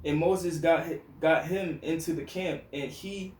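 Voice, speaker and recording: Steady man reading scripture, echoey. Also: a little high, unhurried. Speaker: scripture reader. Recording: echoey room, faint background noise.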